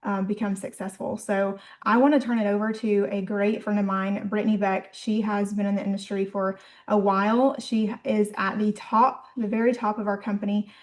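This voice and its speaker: A woman hosting a business info call, sharing her experience in a halting way with many ums. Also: medium pitch, level tone, darkish tone.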